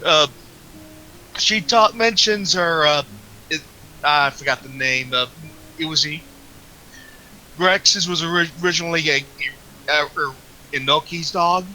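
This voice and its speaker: A man plays his character in a tabletop game, halting and hesitant, restarting his sentences often. His voice is very bright and sharp. He speaks very slowly. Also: on the high side, a little hiss or hum, poor audio. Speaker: player. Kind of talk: casual tabletop play.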